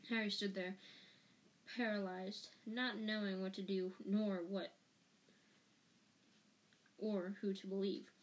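A woman reading a novel aloud as an audiobook narrator, slow and careful, with small restarts. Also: medium pitch, flat delivery. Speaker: audiobook reader.

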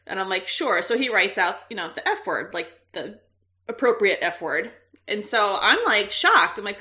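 A woman's voice: medium pitch, normal speed. A woman in her thirties, a podcast co-host, telling a story in casual chat with frequent laughs. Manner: animated storyteller, laughs often.

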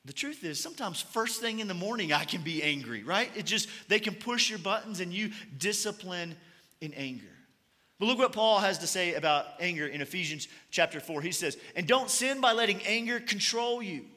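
A pastor from Kentucky preaches a sermon at a fairly quick pace, his voice high and bright. He tells stories in a relaxed way with touches of light humor, and a long hall reverb follows his words, like a church auditorium.

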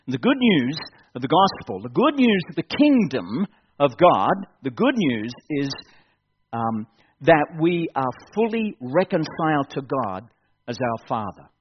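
A man's voice: on the high side, sing-song, measured pace, slight background noise. A man preaching a fervent evening sermon at a church service, building to urgent appeals and repeating his key phrases. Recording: dull lo-fi sound.

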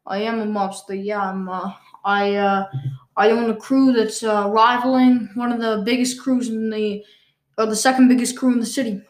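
Casting: a woman playing a deadpan mobster guy with a fake Italian accent, hesitant mumbling, roomy echo. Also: on the high side, lightly acted. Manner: halting, hesitant, mumbled delivery.

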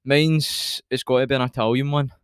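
A young Scottish man co-hosts a podcast in a loose, rambling chat, often breaking into laughter. His voice is smooth and clear. The recording is dry and close, with no room sound. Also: medium pitch, steady tone, moderate pace, no room sound. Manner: chatty, laughs a lot, rambling. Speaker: podcast co-host. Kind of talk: casual chat.

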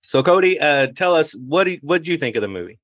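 A man's voice: on the high side, very animated, a little fast, fairly bright tone, no echo. Teasing male podcast co-host. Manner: laughs often, teasing, leads the questions. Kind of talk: casual movie review chat.

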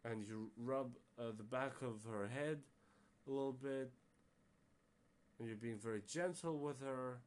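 A man's voice: mid-range voice, a little slow, long pauses. A man hosting a casual solo podcast, rambling with many fillers and restarts and sounding exasperated. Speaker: podcast host.

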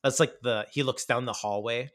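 A man's voice: medium pitch, steady tone, moderate pace, fairly bright tone, dry recording. A man co-hosting a casual chat about horror films, enthusiastic and rambling, with many fillers and restarts. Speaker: podcast co-host.

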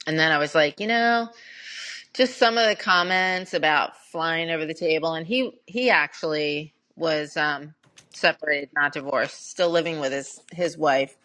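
A woman's voice: deep voice, moderate pace, sharp tone. A middle-aged woman co-hosting a podcast, telling dating stories in a candid, chatty way with plenty of fillers. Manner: candid storytelling with frequent fillers. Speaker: podcast co-host. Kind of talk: casual chat.

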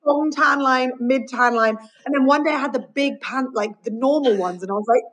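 A woman's voice: high-pitched, brisk, a bit bright, poor audio. A woman from the UK as a podcast guest in casual chat, talking openly and rambling with many fillers. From United Kingdom. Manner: rambling, open, many likes.

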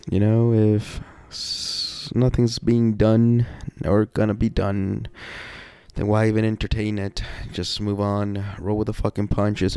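A man with a low, gravelly, dark-toned voice rambles slowly through a casual personal monologue, filling gaps with "you know" and swearing often. Reflective and wry, he sighs and laughs between thoughts. The sound is dry and close with no echo.

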